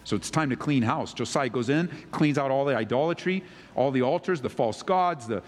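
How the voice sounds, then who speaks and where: A male pastor preaching an earnest sermon that swings between loud urgency and quiet emphasis. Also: a little high, in a large hall.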